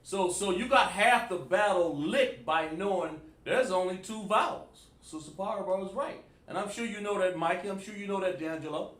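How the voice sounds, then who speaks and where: Guy teaching a live class at a whiteboard, kinda high voice, sounds far off in an echoey room, calls on students and sounds out syllables. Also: normal speed, few pauses, fairly bright tone. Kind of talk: live online class lecture.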